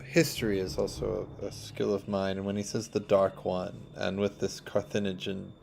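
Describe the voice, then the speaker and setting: Low gravelly man playing a tabletop game. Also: level tone, normal speed, a little mellow, a little hiss or hum. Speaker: player. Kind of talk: casual tabletop game talk.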